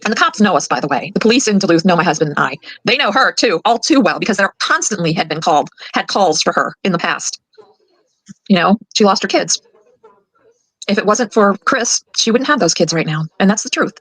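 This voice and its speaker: An older woman and grandmother giving her side of a family conflict, fast and indignant, getting worked up as she talks. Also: medium pitch, lively intonation, fairly bright tone, husky, no room sound, low-quality recording. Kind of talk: emotional recorded account.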